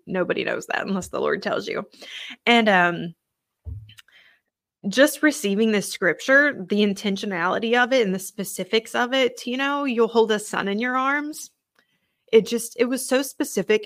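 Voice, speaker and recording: A woman hosting a podcast, sharing a personal faith testimony in an earnest, emotional way, halting and restarting her sentences. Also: medium pitch, fairly bright tone, dry recording, clean studio sound. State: overwhelmed with emotion. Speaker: podcast host.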